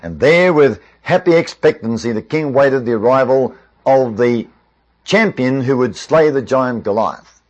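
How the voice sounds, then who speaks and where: A man telling a Bible story in an expressive way, with varied pacing and asides to the listener. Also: mid-range voice, unhurried.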